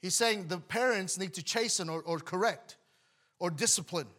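A man's voice: high voice, moderate pace, pushed and bright. A man preaching a sermon to his congregation, emphatic, often restarting words and letting his voice drop at the end of phrases. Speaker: pastor.

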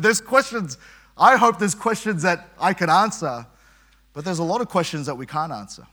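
A man's voice: sits high, lively intonation, moderate pace, pushed and bright. A man preaching a sermon, reading scripture aloud and talking it through in a conversational way, with frequent repeated words. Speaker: pastor.

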